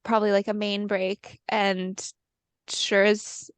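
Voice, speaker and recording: A woman's voice: medium pitch, flat delivery, slow pace, clean tone, no room sound. A young woman co-hosting a podcast, chatting casually and laughing easily over a video call from her parents' house. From California. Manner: chatty and giggly, fond of filler words. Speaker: podcast co-host. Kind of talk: casual chat.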